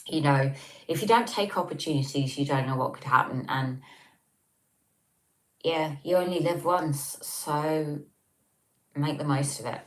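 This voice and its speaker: A woman with an English accent hosting a casual livestream at home, reading comments and chatting with lots of ums, recorded on a tablet on a table. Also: low voice. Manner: chatty, rambling with many ums. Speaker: livestream host.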